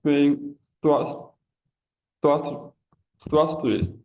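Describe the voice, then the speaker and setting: A man's voice: a little high, very slow. Hesitant male student, muffled call audio. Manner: hesitant, repeating words after the tutor.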